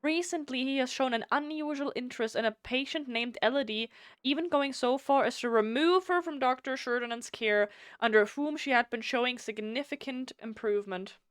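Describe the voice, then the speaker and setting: A woman, a native German speaker, streaming a game with casual commentary, animated and swearing freely while reading text aloud. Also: high-pitched, normal speed, clear, resonant tone, no room sound, studio quality.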